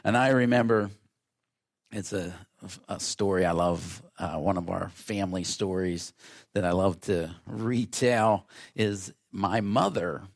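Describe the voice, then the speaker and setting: A male pastor delivering a sermon, telling family stories in an animated way and acting out the voices. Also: sits low, a little slow, creaky.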